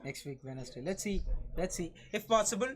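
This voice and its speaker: A man hosting a live trading stream, talking briskly and asking his co-host questions. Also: sits high, animated. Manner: brisk, asks questions, repeats himself. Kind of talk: casual chat.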